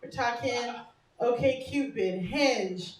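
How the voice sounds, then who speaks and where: A woman's voice: a little high, takes it slowly, distant mic, noisy background. A woman doing stand-up comedy in a small bar, talking brashly and conversationally and laughing at her own jokes. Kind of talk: stand-up set. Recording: echoey bar room with laughing crowd. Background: audience laughter.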